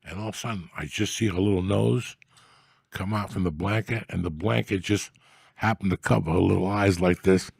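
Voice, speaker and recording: A man's voice: deep voice, a little fast, creaky, darkish tone, slightly rough, no room sound, studio quality. A man hosting a comedy podcast, telling profane, rambling stories in crude casual banter.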